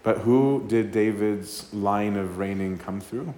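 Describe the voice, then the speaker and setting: A man's voice: on the low side, slow pace, dark tone, a little hiss or hum. A man, a priest, giving an informal talk that is conversational, tagging "right?" onto his points and acting out the quotes. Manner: conversational, keeps asking "right?", acts out quotes. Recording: echoey room with faint ambience.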